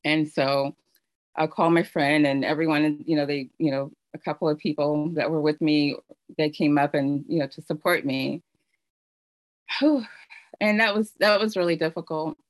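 Earnest, halting woman telling her story. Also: low voice, fairly even intonation, no echo. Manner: earnest, halting, many fillers and restarts; emotional storytelling. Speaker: speaker sharing her story. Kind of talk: personal testimony.

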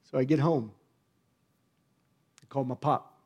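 A middle-aged man, a pastor, preaching a personal testimony in a conversational storytelling way, dropping to a hush and then rising to emphatic bursts. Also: mid-range voice, steady tone, measured pace, husky, muffled recording. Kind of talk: sermon testimony.

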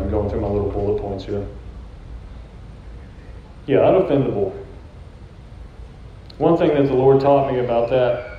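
A man shares a personal testimony in an earnest, conversational way. His voice is mellow and mid-pitched. The sound is very echoey and a bit dull, as if taken from a church room. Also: slight background noise. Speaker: church prophetic team leader sharing testimony. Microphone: handheld microphone.

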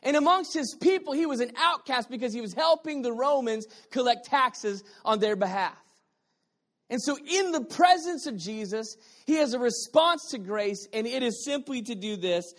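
A male pastor preaching a sermon. He moves from quiet, intimate lines to loud, emphatic ones and repeats key phrases for emphasis. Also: very high voice, animated, moderate pace.

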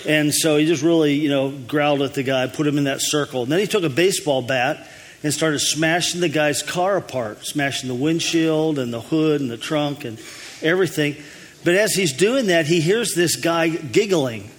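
A pastor with a slightly high voice eases into his message with folksy jokes, chuckling along as he goes. He speaks from the front of a church, and a long hall reverb trails behind his words. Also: moderate pace. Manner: folksy, easygoing joke-telling with a chuckle. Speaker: lead pastor. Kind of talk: telling jokes before a sermon.

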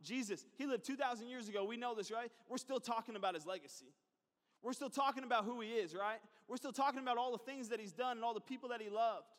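In a church hall with a long reverb, a male pastor delivers a sermon in a very high voice that's a bit bright. His style is conversational, full of asides, repetition and quick questions thrown to the congregation.

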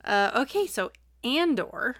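A woman's voice: on the high side, sing-song, a little slow, gravelly, no echo, clean studio sound. A young woman co-hosting a podcast in casual chat, opinionated and chatty. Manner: opinionated, chatty, trails off softly. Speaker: podcast co-host.

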